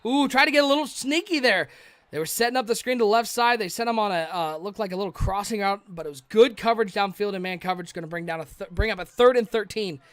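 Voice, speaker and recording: A man provides live play-by-play for a video game football stream, making excitable calls on big plays and chatting with viewers in between. His voice is high-pitched and quick, with a clean tone and no echo.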